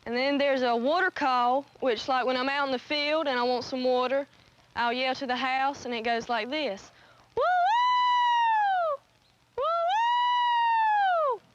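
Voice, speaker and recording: Young woman, bit high voice, plain explaining, muffled old film with hiss. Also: fairly even intonation, moderate pace. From North Carolina. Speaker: hollering contestant. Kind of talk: documentary interview.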